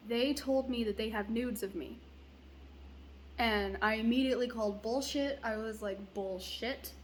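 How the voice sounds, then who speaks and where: A woman's voice: on the high side, a little hiss or hum. A young woman venting bluntly in a casual vlog, swearing freely as she rants. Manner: blunt, profane, ranting. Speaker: vlogger.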